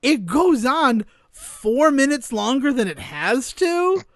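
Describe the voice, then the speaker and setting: A podcast co-host chatting casually about a film, deadpan and wry, spinning joke theories and swearing for emphasis. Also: sits high, slow, no room sound, studio quality. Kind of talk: casual film-review chat.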